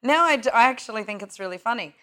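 A middle-aged woman teaching tantra in a casual, profane, animated way, acting out little voices as she talks. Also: on the high side, quick pace. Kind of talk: casual spiritual talk.

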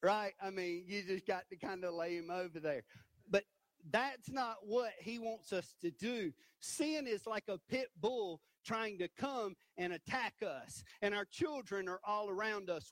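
A man preaching a sermon from a church stage, animated and emphatic, punctuating points with "right?". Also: high-pitched, measured pace, dry recording, rough recording. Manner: animated, rising to emphatic peaks with repeated "right?".

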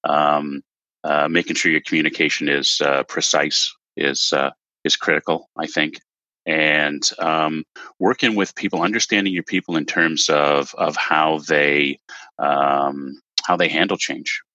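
A man speaks on a podcast panel in a measured way, dotted with ums and uhs. His voice is extremely deep yet bright and stays flat in pitch. The recording is dry and dull. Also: no room sound. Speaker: panel guest. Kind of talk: conversational panel answer.

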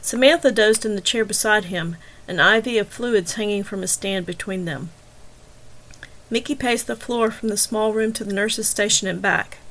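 A woman's voice: medium pitch, normal speed, poor audio. Woman reading her own novel aloud. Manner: steady, expressive narration. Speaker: host and author.

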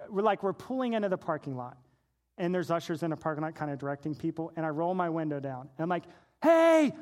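Animated male preacher, 40s, higher voice, playful storyteller. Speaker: pastor. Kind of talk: sermon with personal storytelling.

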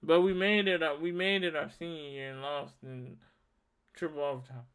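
A young man in his twenties from Louisiana, hosting a solo podcast and telling a story in a heated, profane, animated rant. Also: a little high, moderate pace, clean tone. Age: 20s. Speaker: podcast host. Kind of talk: ranting solo monologue.

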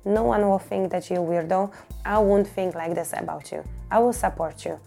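A woman hosts her own podcast and speaks candidly and emotionally about her life. Her voice is mellow and gravelly, with frequent restarts and repeated words. Soft music plays faintly behind her. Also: mid-range voice, moderate pace. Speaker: podcast host and fitness coach. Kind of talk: personal podcast monologue.

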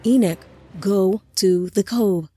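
A woman's voice: mid-range voice, takes it slowly, mellow, husky, soft background music. A woman voicing an urgent young warrior-angel. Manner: urgent whispering.

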